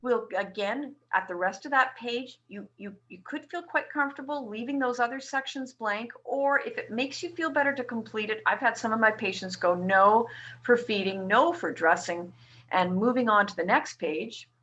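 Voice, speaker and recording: Woman nurse from Canada, bright-toned, patiently walks listeners through a form in a webinar. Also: a little high, moderate pace, muffled recording. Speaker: ostomy nurse presenter. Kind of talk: webinar presentation.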